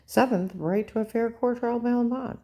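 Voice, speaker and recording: A woman's voice: fairly high pitch, moderate pace, mellow. An older woman in a rambling, agitated personal monologue, repeating herself and often asking "okay?". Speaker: vlogger.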